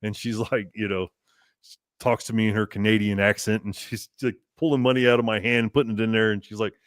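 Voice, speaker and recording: Speaking fairly quickly in a fairly low, level voice, a man on a podcast shares a road-trip tale. He laughs a lot and voices both sides of the conversation, and the studio recording carries no echo.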